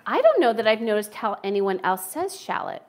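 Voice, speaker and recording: A woman's voice: mid-range voice, big pitch swings, fairly quick. A woman from the United States hosting a casual cooking livestream, chatting in a self-deprecating way as she cooks in her home kitchen.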